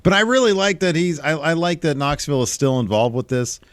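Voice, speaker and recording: Man, podcast co-host, casual recap, animated quoted voices, dry sound. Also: on the high side, fairly quick, smooth, no echo. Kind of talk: casual wrestling recap chat.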